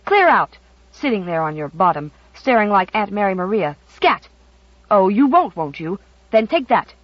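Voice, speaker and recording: An audiobook narrator voicing a rebellious little boy who snaps and shouts at people, recorded dry and a bit muffled. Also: medium pitch, expressive, normal speed, no room sound, close to an everyday voice. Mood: fierce sulk. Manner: fierce, shouting.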